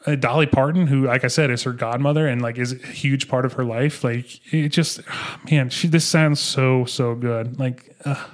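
A young man hosting a podcast, chatting casually and excitedly about an album, swearing and restarting his sentences. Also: medium pitch, normal speed, hardly any pauses. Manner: excitable, profane, rambling with restarts. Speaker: podcast host. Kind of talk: casual music review chat.

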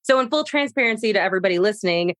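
Woman, American, podcast host, bubbly, gushing, quick asides. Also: medium pitch, lively intonation. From United States. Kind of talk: casual interview chat.

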